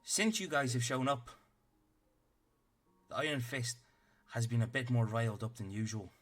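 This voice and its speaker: A man's voice: mid-range voice, moderate pace, pitched above the performer's own voice, lightly acted. A man voicing a tiny, fierce female rabbit-folk captain who is bossy and stern, in a tabletop game. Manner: scolding, clipped commands.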